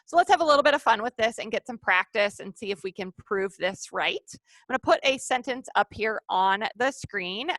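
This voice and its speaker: A woman's voice: fairly high pitch, fairly bright tone, no echo. Upbeat woman trainer on a video call. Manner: upbeat, coaxing participants. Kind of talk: live online training session.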